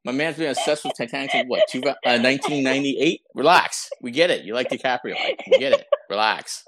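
A man's voice: mid-range voice, fast talker. A man co-hosting a casual podcast, teasing his friends and cracking jokes. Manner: teasing, jokey, lively. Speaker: podcast co-host. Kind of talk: casual banter.

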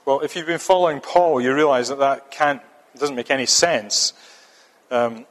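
A man's voice: medium pitch, moderate pace. A man preaching a sermon, earnest and emphatic, often repeating a phrase for stress. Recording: long reverb of a church hall.

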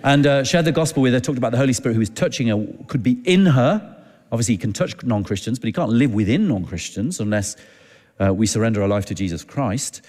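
A man preaching, telling a personal story in a chatty, halting way and acting out the dialogue. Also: medium pitch, lively intonation, a little mellow. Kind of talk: anecdotal sermon storytelling. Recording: long hall reverb.

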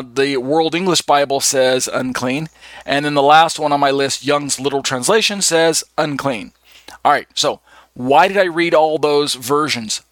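A man's voice: a little high, fairly bright tone, no room sound. Man teaching a Bible study. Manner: conversational, filler-heavy, reads verses aloud. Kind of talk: casual Bible study lesson.

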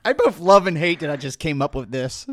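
A man's voice: fairly high pitch, animated, a little fast, no echo. A man playing a tabletop game, chatting playfully and narrating what his character does. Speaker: player. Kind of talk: casual tabletop game chat.

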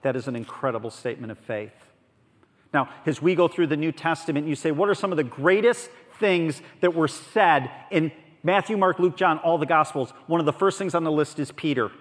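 Pastor, male, slightly high voice; earnest, conversational sermon delivery that swells and drops; long hall reverb. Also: fairly quick. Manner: earnest, conversational preaching that swings between soft and emphatic.

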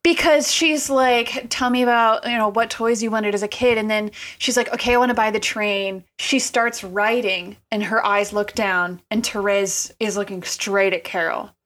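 A woman's voice: mid-range voice, fairly even intonation, a bit bright. Thoughtful woman analyzing a film. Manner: thoughtful, analytical, drawn-out phrasing. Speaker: podcast co-host. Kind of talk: casual film discussion.

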